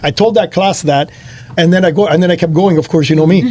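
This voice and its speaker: A man hosting a casual chat, telling an animated story and acting out the other people's voices. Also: fairly high pitch, fast. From Miami area. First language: not Spanish first; speaks English and Spanish. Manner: animated, acts out voices in his stories. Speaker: host.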